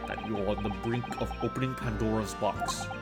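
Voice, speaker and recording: A man voicing a cold, menacing male prosecutor who speaks slowly and quietly, with game music behind. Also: fairly low pitch, steady tone, natural voice.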